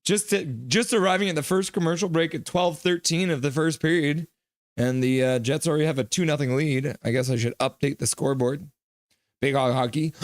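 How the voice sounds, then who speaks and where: A man runs a laid-back hockey live stream, chatting loosely and reading out viewer comments, at times yelling them in a high, put-on voice. He speaks at a moderate pace, and there's no room sound.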